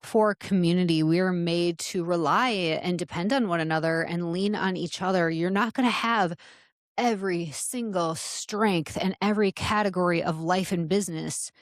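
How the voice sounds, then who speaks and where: Middle-aged woman coaching her listeners, earnest and upbeat, lowish voice, dry close sound. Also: moderate pace, no room sound. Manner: earnest and encouraging, addresses listeners as "you guys". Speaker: podcast host and salon business coach. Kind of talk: motivational talk.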